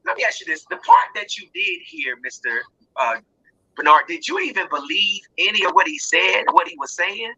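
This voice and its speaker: A woman hosting an online talk panel, speaking with impassioned emphasis and often raising her voice to a shout. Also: fairly low pitch, big pitch swings, normal speed, slightly rough, lo-fi sound. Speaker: host of online talk show.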